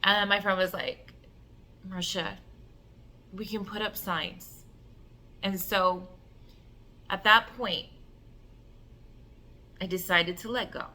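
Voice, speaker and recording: A woman telling an emotional personal story in an animated way, acting out the voices and filling her talk with "like". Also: mid-range voice, takes it slowly, pauses often. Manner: animated, acts out voices and cries, many "like" fillers. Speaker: self-love coach telling a personal story.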